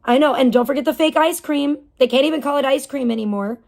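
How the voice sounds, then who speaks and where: A woman's voice: high voice, fast, vocal fry, darkish tone. A woman livestreaming and reading her chat, ranting casually with heavy swearing, indignant and rambling. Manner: rambling with fillers and restarts.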